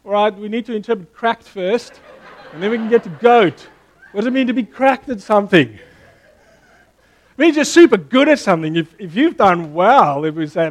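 Middle-aged male pastor, high voice, lively sermon delivery with quick questions to the congregation. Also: rough recording. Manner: animated, playful with the congregation, asking questions.

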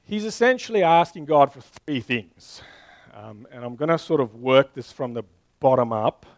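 A man's voice: mid-range voice, lively intonation, moderate pace, no echo. A man in his thirties or forties preaching a sermon in a conversational way, often restarting phrases and speaking directly to his listeners. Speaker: pastor.

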